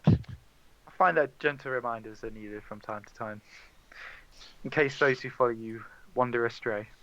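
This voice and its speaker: A man voicing a menacing aristocratic vampire lord, speaking low and measured. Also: a bit bright, dull audio, natural voice. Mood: icy.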